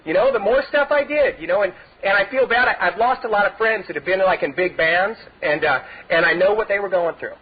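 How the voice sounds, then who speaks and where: A high-voiced Southern California man gives a personal testimony at a recovery meeting in a meeting hall, rambling through his stories with many "you know" fillers and laughing as he goes. He speaks a little fast with few pauses and a slightly rough tone, recorded on dull lo-fi tape.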